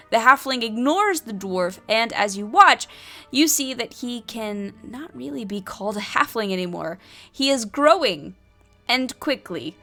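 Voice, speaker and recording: Woman, solo tabletop game narration, chatty asides, unhurried, bright tone. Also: fairly high pitch, lively intonation, soft background music. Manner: chatty asides, many fillers. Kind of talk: reading and playing a solo tabletop adventure.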